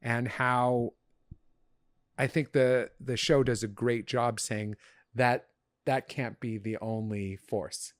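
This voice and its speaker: A man's voice: mid-range voice, fairly even intonation, takes it slowly, no echo. Thoughtful man explaining, dry sound. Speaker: clinical psychologist, guest. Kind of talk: casual conversation.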